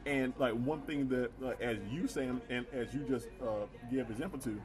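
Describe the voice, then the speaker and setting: Talking earnestly at a moderate pace in a mid-range voice, this man co-hosts a relaxed chat show. He keeps asking rhetorical questions and repeating himself while he reasons toward his point.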